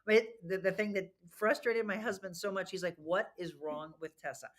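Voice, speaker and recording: A woman's voice: mid-range voice, fairly even intonation, moderate pace. A middle-aged woman hosting a casual chat, reading out viewer comments and laughing often. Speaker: host.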